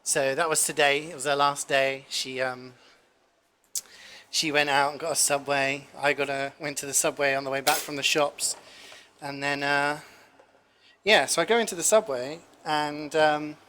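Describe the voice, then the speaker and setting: A man's voice: fairly high pitch, steady tone, normal speed, bright, forceful tone. A young man telling a rambling story while cooking on a stream, full of fillers. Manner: rambling, filler-heavy, swears casually.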